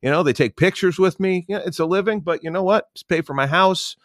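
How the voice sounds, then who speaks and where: A man's voice: high voice, a little fast, a bit bright, no echo, clean studio sound, pitched above the performer's own voice. A man voicing a humble, chatty male donkey inside a told joke. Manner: chatty, modest, rambling.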